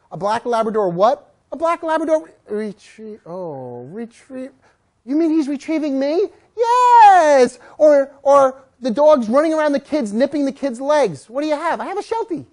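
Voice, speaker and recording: A woman's voice: high-pitched, a little fast. A woman dog trainer giving a jokey talk to an audience, acting out little voices of owners and dogs. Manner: animated, jokey, acts out voices of people and dogs.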